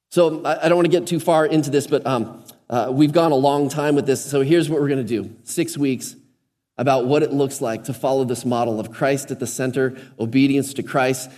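A man's voice: mid-range voice, a little mellow. A man preaching a sermon as a pastor, conversational and then emphatic and urging. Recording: long hall reverb.

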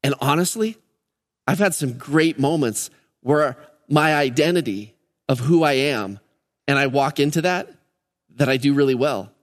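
A man's voice: medium pitch, measured pace. A man preaching a Sunday sermon as pastor, earnest and emphatic, hammering key words in threes. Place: church sanctuary during a service. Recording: long reverb of a church hall.

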